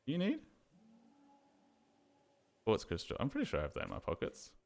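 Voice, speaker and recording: A man's voice: mid-range voice, wildly swooping pitch, normal speed, vocal fry. A young man streaming a game, chatting casually and telling a rambling story with lots of fillers and swearing. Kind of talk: casual chat while gaming.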